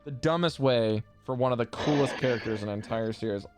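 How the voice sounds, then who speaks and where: A man who runs the tabletop game, chatting casually about characters and telling animated, profane stories. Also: mid-range voice, fairly quick, soft background music. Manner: animated, swearing, laughing storyteller. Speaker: game master. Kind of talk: casual chat between game sessions.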